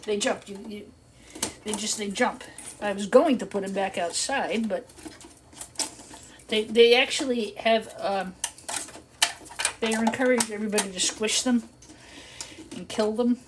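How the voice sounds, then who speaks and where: An older woman rambles through a story as she works, chatty and given to frequent laughter. Her voice sits at an ordinary middle pitch. Steady background noise and clicking run behind her. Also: measured pace, pauses often. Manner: chatty, laughs often, animated when quoting others. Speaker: live stream host. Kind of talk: casual storytelling while working.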